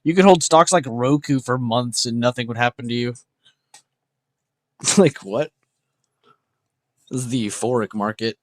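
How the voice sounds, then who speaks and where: A man's voice: medium pitch, moderate pace, no echo. A young man hosting a trading livestream, chatting casually and enthusiastically with viewers, swearing freely. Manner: casual, profane, enthusiastic, reacting to chat.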